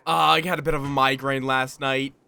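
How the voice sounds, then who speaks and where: A man's voice: medium pitch, little pitch movement, a little fast, creaky, bright, forceful tone, clean tone. A tired man chatting casually on a game livestream, playful and slipping into silly put-on accents. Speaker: streamer. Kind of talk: casual livestream chat while gaming. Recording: faint music in the background.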